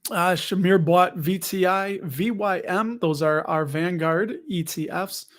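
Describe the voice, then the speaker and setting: A man's voice: high-pitched, a little slow. A man hosting a casual chat about dividend investing, rambling with joking, sarcastic asides as he reads viewer comments. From United States. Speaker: dividend investing channel host.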